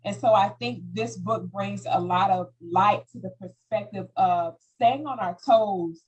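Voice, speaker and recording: A woman hosting a panel talk, telling stories in an animated way and acting out quoted voices. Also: mid-range voice, measured pace, breathy edge, highs cut off. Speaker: host. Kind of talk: panel discussion.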